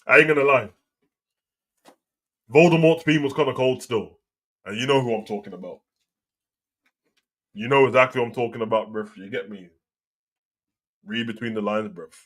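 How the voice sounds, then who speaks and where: A man talks in loose, slangy, opinionated chat as he hosts a live wrestling show. His pitch sits right in the middle range. He keeps a casual, running commentary going. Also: moderate pace, long pauses, fairly bright tone.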